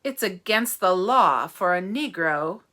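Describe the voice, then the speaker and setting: A man's voice: high voice, animated, pushed and bright, full character voice. Woman putting on a drawling drunk sheriff. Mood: leering. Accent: Southern US drawl. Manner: slow lazy drawl. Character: drunk leering small-town sheriff, slow drawl.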